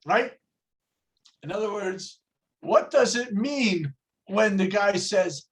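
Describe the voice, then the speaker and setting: Brief: a rabbi lecturing over a video call, unhurried, storytelling, asking rhetorical questions. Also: male voice, high voice, animated, a bit bright. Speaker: rabbi teaching a class. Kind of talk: religious lecture with jokes.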